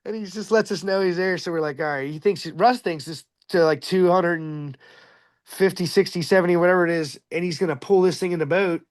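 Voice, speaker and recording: A man's voice: high-pitched, a little fast, dry recording. A man telling a fishing story in a casual, rambling, slangy way.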